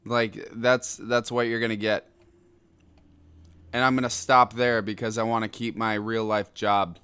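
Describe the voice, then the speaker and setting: Man, young adult, podcast host, angry ranting, loud outbursts, unhurried delivery, dry close sound. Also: lowish voice, level tone, smooth, dry recording. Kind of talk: solo rant podcast.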